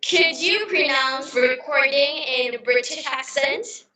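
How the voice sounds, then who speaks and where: High, bright woman in an echoey room. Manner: slow, drawn-out words when modelling pronunciation. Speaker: host of English conversation practice. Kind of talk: casual English practice conversation. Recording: very echoey room, voice far from the mic.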